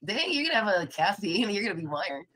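A woman live streaming with a hoarse voice from being sick, rambling casually, laughing and swearing now and then. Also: medium pitch, sing-song, quick pace, a bit bright, rough recording. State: hoarse from illness.

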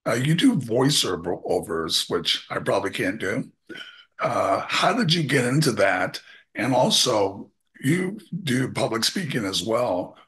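A man hosting an interview, asking casual, somewhat halting questions. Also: mid-range voice, big pitch swings, a bit bright. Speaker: interview host.

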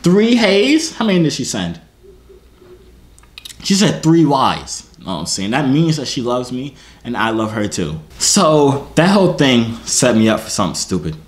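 A man's voice: medium pitch, very animated, moderate pace. A young man YouTuber telling a comic story to his viewers, self-mocking and slangy, breaking things down as he goes.

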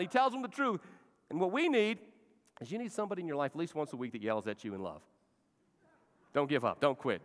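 A man, a church pastor, preaching a sermon, moving from soft asides to loud, emphatic exhortations. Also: on the high side, expressive, quick pace, pauses often, long reverb tail. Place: large church sanctuary.

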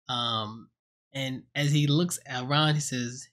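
At home on his own close desk mic, a man gives a casual spoken movie review, retelling scenes with jokes, swearing and acted-out quotes. His mid-range voice is steady and slightly bright, and he talks slowly.

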